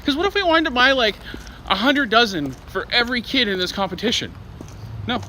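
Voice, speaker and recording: Chatty, animated young man. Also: extremely high pitch, fast talker, slight background noise. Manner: chatty, joking, animated rambling. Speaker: vlogger. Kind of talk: casual vlog chat.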